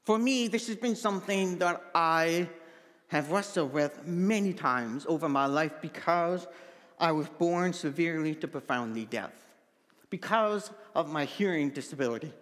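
A man's voice: on the high side, normal speed, a bit bright, in a large hall. A man from Manitoba who speaks with a deaf accent, giving an earnest personal testimony as pastor in a sermon. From Manitoba, Canada. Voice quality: deaf speech, hard-of-hearing accent. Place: church sanctuary.

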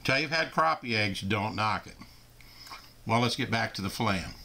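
A man's voice: lowish voice, lively intonation, moderate pace, vocal fry, background noise. A man hosting a casual how-to demonstration, talking in a folksy, down-home way while he works. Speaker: host demonstrating fish cleaning.

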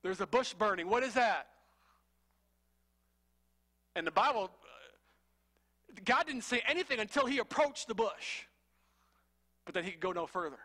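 A male preacher delivering a sermon with a high, bright voice. He sounds fervent and conversational, with slangy asides, and his delivery is forceful. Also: lively intonation, unhurried, long pauses.

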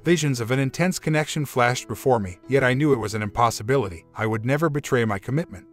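A man calmly narrating a relationship story as a scripted reading in first person. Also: medium pitch, fast talker. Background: faint music.

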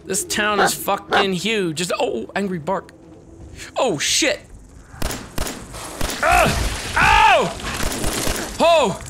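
A man giving excitable let's play commentary, swearing and shouting as he plays. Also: on the high side. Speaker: gameplay commentator. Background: game music.

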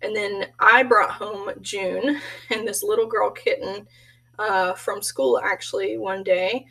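A woman's voice: mid-range voice, fairly even intonation, slow, creaky, pushed and bright, distant mic, rough recording. A woman giving a casual self-introduction as a graduate student, telling stories in a chatty way and laughing often.

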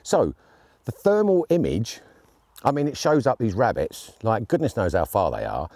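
A man's voice: lowish voice, huge pitch swings, moderate pace, darkish tone, no echo. A man giving a chatty, jokey and enthusiastic gear review outdoors on shooting land.

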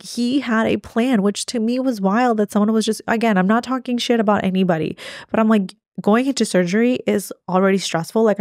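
A woman's voice: on the low side, darkish tone, no echo, studio quality. Candid chatty young woman vlogger. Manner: candid, chatty, lots of fillers, tearful at times. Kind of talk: personal storytelling to camera.

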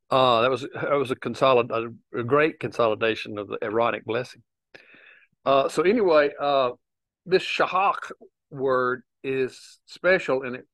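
A man's voice: medium pitch, a bit bright, dry recording. A man giving an informal Bible teaching, explaining Hebrew words in a conversational, meandering way. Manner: conversational, frequent restarts and fillers, explains slowly.

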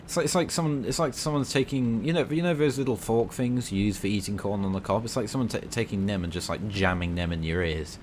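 A man's voice: on the low side, quick pace, few pauses, slight background noise. A young British man playing a tank game and talking through it in rambling, cheeky banter. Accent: British English. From Britain. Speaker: gaming channel host.

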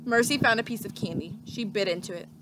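A teacher reading a children's book aloud with expressive, steady storytelling. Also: female voice, medium pitch, fast, noisy background.

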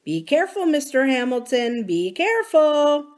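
A woman's voice: fairly high pitch, very animated, normal speed, voice pushed up. A woman reading the part of a cautious, loyal male servant who speaks anxiously.

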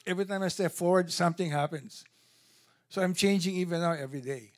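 Man, church testimony, gravelly voice, slightly high pitch, animated storytelling. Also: fast. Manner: animated storytelling with quoted dialogue. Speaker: church member giving testimony.

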